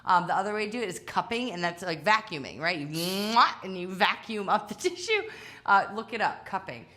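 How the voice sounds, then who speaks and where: A woman's voice: mid-range voice, very animated, a little fast, bright, forceful tone. A woman leading a home workout class, chatty and self-deprecating, tired from exercising as she talks. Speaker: fitness instructor. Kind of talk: live workout coaching.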